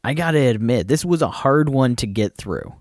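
An easygoing man co-hosts a podcast, agreeing with his partner and filling in the details. His voice is mid-pitched and recorded dry and close, with no room sound. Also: expressive, moderate pace, darkish tone, no echo. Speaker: podcast co-host. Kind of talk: casual chat.

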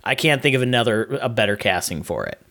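A man co-hosting a podcast, giving a steady, explanatory movie review in casual chat. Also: lowish voice, fast, vocal fry. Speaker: podcast co-host.

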